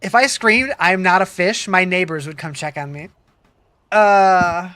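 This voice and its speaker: A game streamer talking into a home desk mic on a live stream, fighting a case of hiccups. The voice is bright and sharp, chatty and loose, stopping and restarting sentences while answering chat. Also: medium pitch, a little slow, no room sound. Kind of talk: casual live-stream chat, reading viewer comments.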